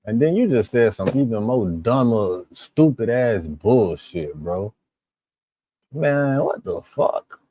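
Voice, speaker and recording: A man's voice: medium pitch, sing-song, slow, mellow, dry recording. A man hosting a live reaction stream, ranting with a profane, indignant, exasperated manner. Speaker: livestream reaction host.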